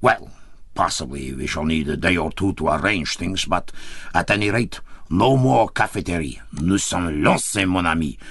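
A man's voice: lively intonation, fairly bright tone, breathy edge, no echo, clean studio sound, exaggerated voice. A man doing a hearty, scheming Russian man. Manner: hearty and breezy, slow and low.

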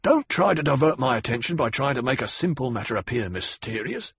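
A man voicing a proud, prickly older security chief who talks in a clipped, defensive, growling way with a raspy voice. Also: mid-range voice, very animated, brisk, fairly bright tone, no room sound, exaggerated voice. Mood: stiff, defensive. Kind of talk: audiobook character voice.

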